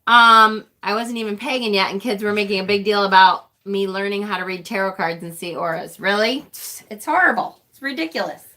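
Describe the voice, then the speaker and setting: A woman's voice: mid-range voice, fairly quick, hardly any pauses, sharp tone. A middle-aged woman hosting a casual livestream, talking bluntly, swearing freely and laughing often. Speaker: livestream host.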